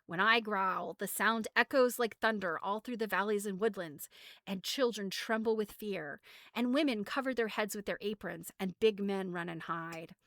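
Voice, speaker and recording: A woman voicing a big, boastful but gentle male storybook beast who talks in a proud, earnest way. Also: mid-range voice, vocal fry, no room sound.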